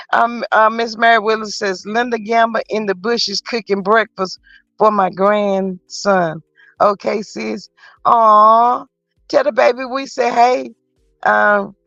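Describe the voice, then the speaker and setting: A woman's voice: medium pitch, gravelly, a bit bright, no room sound. A woman hosts a casual live chat, gossiping and reading viewer comments aloud. She fills the gaps with frequent mm-hmm's. The audio is dull and lo-fi, quite dry, with faint music underneath. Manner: chatty and gossipy, frequent mm-hmm interjections. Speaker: livestream host.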